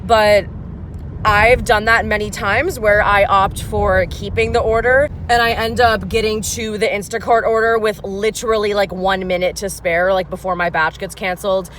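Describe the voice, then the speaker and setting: A woman in her twenties, chatty and animated, telling a story as a gig-worker vlogger while in her car. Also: medium pitch, normal speed, slight background noise. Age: 20s. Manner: chatty, animated, many fillers. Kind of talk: casual storytime vlog.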